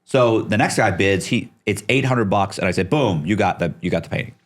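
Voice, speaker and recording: A man's voice: fairly low pitch, brisk. A middle-aged man telling a story as a podcast guest, acting out the people he quotes and swearing casually.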